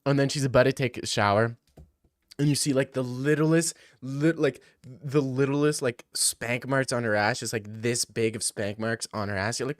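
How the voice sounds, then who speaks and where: A man's voice: medium pitch, fairly even intonation, normal speed, no room sound, clean studio sound. A young man rambling through crude comedic riffs, laughing as he goes.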